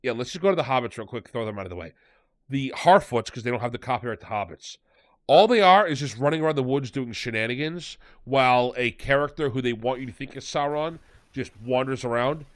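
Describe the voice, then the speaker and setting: A man talks through a show recap in a loose, rambling way, with a sarcastic edge. His voice sits at an ordinary middle pitch. The sound is dry and close, with no room around it. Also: expressive, brisk, dry recording. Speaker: podcast host. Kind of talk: casual review chat.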